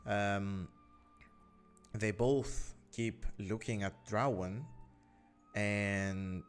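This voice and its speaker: A man running a tabletop game as game master, describing scenes in a slow, halting way full of filler sounds. His voice sits on the low side, with soft game music playing underneath. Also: fairly even intonation. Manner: unhurried, many filler "uh"s, hedging descriptions. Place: online voice call.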